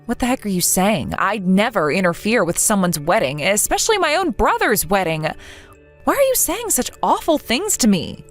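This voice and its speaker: A woman's voice: mid-range voice, very animated, normal speed, soft background music, close to an everyday voice. A woman voicing a young woman in a text-message story who is betrayed by her friend, earnest, bewildered and hurt. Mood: confused.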